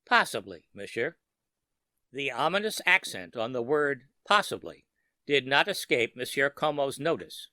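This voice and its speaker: A man narrating a scripted horror story for sleep in a steady, measured way. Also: medium pitch, dry recording.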